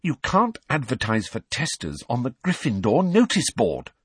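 A man's voice: mid-range voice, wildly swooping pitch, moderate pace, breathy edge, dry recording, voice pushed up, heavily acted. A man voicing Hermione, a clever, bossy teenage schoolgirl who talks in a precise, lecturing way. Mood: stern.

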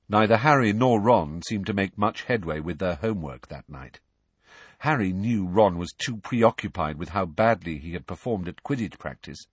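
A man narrating an audiobook with measured storytelling. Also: sits low, animated, slightly rough, no echo.

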